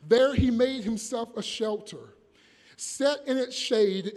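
A man preaching a sermon, reading scripture deliberately and building to emphatic, forceful points. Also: very high voice. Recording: long reverb of a large hall.

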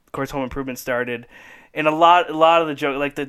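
A man's voice: fairly high pitch, fast talker, a bit bright, clear, resonant tone. A man hosting a casual podcast chat, rambling enthusiastically and laughing often. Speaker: podcast host.

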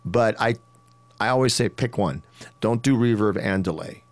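Deep-voiced man rambling about singing. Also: moderate pace, no echo. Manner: rambling, full of restarts, demonstrates vocal tricks. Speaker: rock singer and studio vocalist. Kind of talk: casual podcast chat.

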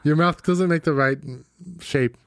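A young man with a slightly raised pitch chats across a table with a friend. He tells stories with energy, voicing the people in them and laughing along. The recording is close and dry. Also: a little slow, no echo. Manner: animated storyteller, laughing, acts out quotes. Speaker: podcast co-host. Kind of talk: casual chat. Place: small room at a table.

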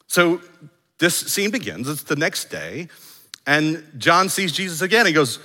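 A male pastor preaching a sermon, animated, acting out the lines he quotes. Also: on the high side, moderate pace, big-room sound.

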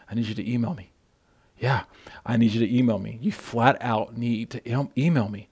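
A man preaches a sermon with a voice of ordinary pitch. He talks right to his listeners, calling them brother, and often repeats words. He swells into loud, passionate calls to action. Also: moderate pace, slightly rough. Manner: speaks directly to the listener as brother. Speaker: pastor.

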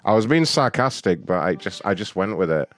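A man's voice: fairly low pitch, big pitch swings, a little fast, faint music behind. A man, a prank caller who swears constantly, mocks and laughs between his rants. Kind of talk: profane prank-call banter.

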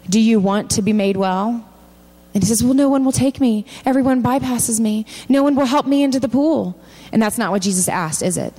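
Woman preaching in an echoing hall. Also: a little mellow. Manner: reads scripture aloud, acting out quoted voices with rising pitch. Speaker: speaker at a church. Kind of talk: sermon with scripture reading. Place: large church hall.

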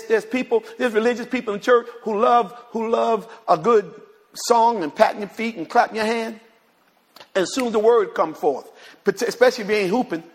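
High gravelly preacher in a reverberant church. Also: male voice. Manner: retells a conversation in many quoted lines, repeats words, speaks to the congregation. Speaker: pastor. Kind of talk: sermon storytelling. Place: church sanctuary.

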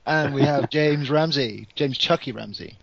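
A man's voice: mid-range voice, a little slow, vocal fry, a bit bright, breathy edge, dry recording. A man stands in as host of a podcast and keeps ribbing his guests. The recording sounds dull and lo-fi. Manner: teasing, laughs often. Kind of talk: casual group chat.

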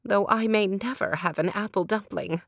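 A woman's voice: medium pitch, normal speed, vocal fry, dry recording, studio quality. A woman reading as a cheerful old peasant woman. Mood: contented.

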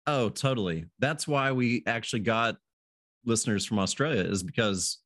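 A man's voice: mid-range voice, moderate pace, a bit bright, no echo, clean studio sound. A man hosting a casual podcast chat, easygoing, laughing often and restarting his phrases. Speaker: podcast host.

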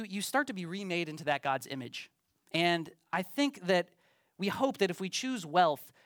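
A man gives a sermon in a loose, conversational manner, stumbling and restarting as he thinks aloud and poking fun at himself. His voice sits a little high for a man. The sound is close and dry, with little room in it. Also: a bit bright, no echo. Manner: conversational, self-deprecating, with frequent ums and restarts. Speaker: pastor.

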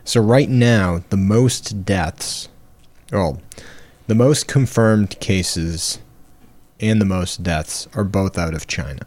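A man co-hosting a casual chat, reading out statistics in a relaxed, hesitant way. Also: low-pitched, takes it slowly.

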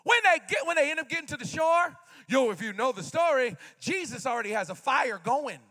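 With a very high pitch, wide swings in intonation and a brisk pace, a young man in his twenties preaches passionately. He returns to refrains again and again, often shouting.

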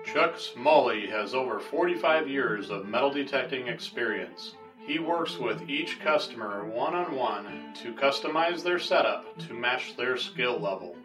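A man's voice: medium pitch, lively intonation, unhurried, hardly any pauses. A man reading a comic radio ad in a playful announcer tone. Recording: distant voice with guitar music.

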